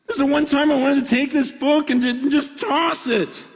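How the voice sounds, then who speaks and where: A middle-aged man gives a conference sermon in a strikingly high voice. He speaks earnestly, often repeating words as he restarts, and his voice rises into pleading. The sound carries a long reverb from a large hall. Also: fairly even intonation, moderate pace, gravelly. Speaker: preacher.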